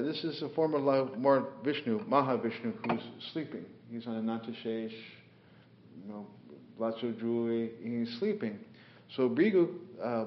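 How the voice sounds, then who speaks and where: A man teaching a scripture class, telling stories unhurriedly with many fillers and voicing the figures in them. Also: medium pitch. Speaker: spiritual teacher. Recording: echoey room, dull lo-fi sound.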